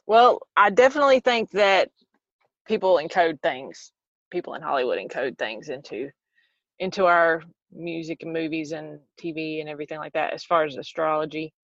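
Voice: mid-range voice, fairly bright tone, no echo, muffled recording. A guest with a Southern US accent chatting casually, laughing often and poking fun at themselves. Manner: laughs often, quick and self-deprecating. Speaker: podcast guest. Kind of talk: casual conversation.

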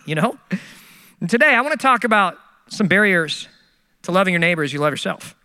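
Middle-aged male pastor, high bright voice, storytelling sermon, reverberant hall. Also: brisk, clear, resonant tone. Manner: storytelling, self-mocking, animated.

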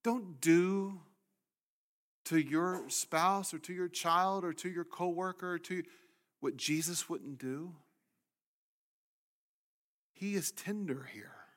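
Pastor dropping to a near-whisper. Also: male voice, high voice, slow, long pauses. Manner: swings from loud emphasis to hushed near-whisper. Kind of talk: sermon.

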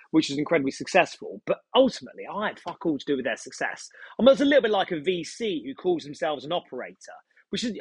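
A young man, a startup founder and podcast guest, chatting casually with animated, swearing, joking rambles. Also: a little high, slightly rough, dry recording. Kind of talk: casual chat.

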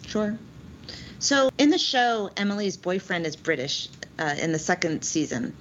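A woman co-hosting a legal podcast, speaking in a measured way and posing questions to her guests. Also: fairly low pitch, very animated. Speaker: podcast co-host. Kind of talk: conversational legal podcast discussion. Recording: dull lo-fi audio with faint noise.

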